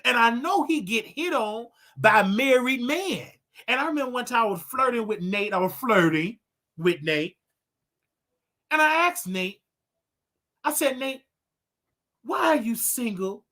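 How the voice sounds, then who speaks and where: A male livestream host talking casually with a bright, forceful tone. His delivery swoops widely in pitch, preaching to his listeners and breaking into laughing asides. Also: lively intonation, measured pace, pauses often.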